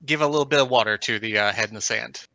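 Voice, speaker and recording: A man's voice: medium pitch, fast, pushed and bright, no echo. A man playing in a tabletop game, casually declaring his character's actions with fillers. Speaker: player.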